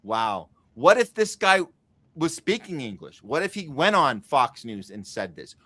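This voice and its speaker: A man's voice: medium pitch, very animated, sharp tone, no echo. A man hosting a political podcast, chatting casually and firing off rhetorical questions. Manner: rhetorical questions, quick asides. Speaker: podcast host.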